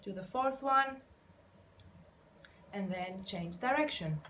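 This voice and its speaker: Gentle woman leading a vocal warm-up. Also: medium pitch, lively intonation, takes it slowly, slight background noise. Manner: gentle, encouraging, counts and demonstrates exercises. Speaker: vocal coach. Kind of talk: guided vocal warm-up instruction. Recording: faint piano underneath.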